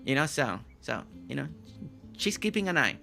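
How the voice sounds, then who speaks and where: A man's voice: medium pitch, big pitch swings, moderate pace, gravelly, sharp tone, faint music behind. A man hosting a live game stream, chatting casually with viewers, often repeating and restarting his phrases.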